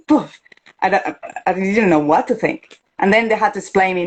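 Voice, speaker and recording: A woman's voice: mid-range voice, expressive, a little slow, poor audio. A woman from Venezuela with a Venezuelan Spanish accent, a coach hosting a casual interview, talking animatedly and acting out quoted voices. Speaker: host and coach.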